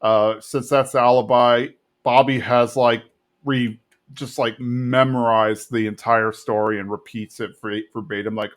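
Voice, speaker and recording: A man from Texas casually recapping a cartoon episode on a podcast, slipping into quick voices for the characters. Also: medium pitch, little pitch movement. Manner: retells plot with quick put-on character voices. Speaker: podcast co-host.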